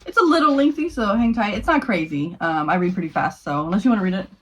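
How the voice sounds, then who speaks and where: A woman's voice: mid-range voice, animated, fast talker, husky, low-quality recording. A young woman co-hosting a casual podcast, chatty and laughing often, reading a listener's story aloud and stumbling over words. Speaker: podcast co-host.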